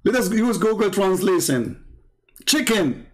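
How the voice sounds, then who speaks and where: Man, Arabic accent, taunting commentary, sarcastic, slightly high voice. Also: animated, unhurried, faint music behind. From Arab world. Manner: taunting, sarcastic, repeats words in bursts. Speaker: Christian apologist. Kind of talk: mocking polemical commentary.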